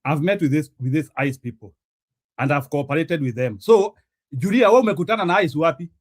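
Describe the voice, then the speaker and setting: A man's voice: a little high, animated. A man with a Kenyan accent hosting a heated livestream debate, answering defensively and mixing English and Swahili. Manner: defensive, quick interjections, mixes English and Swahili. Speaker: show host.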